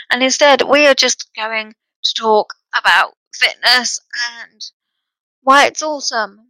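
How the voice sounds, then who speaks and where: A woman's voice: fairly high pitch, bright, forceful tone, dry recording, poor audio. A young woman hosting a solo podcast, rambling and self-deprecating as she loses her train of thought. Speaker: podcast host.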